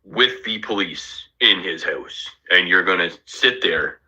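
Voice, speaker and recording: A man's voice: low-pitched, animated, a little slow, sharp tone, husky. A man talking bluntly and profanely in casual heated stream chat. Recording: lo-fi muffled audio.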